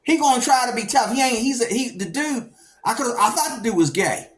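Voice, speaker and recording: A middle-aged man from Pennsylvania telling stories from his past in a rambling, animated way, breaking into loud bursts when he acts out what others said. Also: very high voice, brisk. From Pennsylvania, United States. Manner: rambling, animated, acts out quoted people with sudden loud outbursts. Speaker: storyteller recounting his past. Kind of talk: casual monologue.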